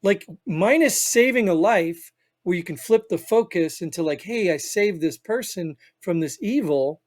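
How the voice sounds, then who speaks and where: A man's voice: high voice, a little mellow. A man with a Northern US accent, co-hosting a podcast in opinionated casual chat, rambling and emphatic with frequent "you know what I mean.". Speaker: podcast co-host.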